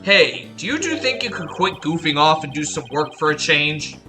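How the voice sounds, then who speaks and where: A woman voicing a laid-back middle-aged male lawyer who runs the agency, in a lowered voice. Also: lively intonation, normal speed, music in the background. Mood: dry.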